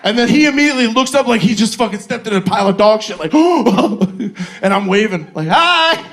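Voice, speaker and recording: A man's voice: high voice, racing. A man in his forties doing a crude, loose stand-up set, chatting with the audience from a comedy club stage on a handheld mic. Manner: crude, loose, crowd-working.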